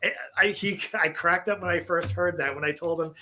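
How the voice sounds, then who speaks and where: A man's voice: a little high, steady tone, a little fast, sharp tone, slight background noise. A man hosting a podcast in casual, crude banter who laughs constantly through his stories. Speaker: podcast host.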